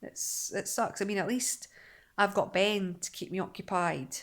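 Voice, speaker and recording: Young woman chatting in a daily vlog, rambly, mid pitch, lots of restarts. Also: unhurried, a bit bright. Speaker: vlogger. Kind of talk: casual daily vlog chat.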